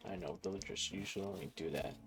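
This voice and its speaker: A man giving relaxed, casual commentary to himself as he plays a video game. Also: deep voice, fast, gravelly, over music. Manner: relaxed, musing to himself while playing. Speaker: gaming channel host.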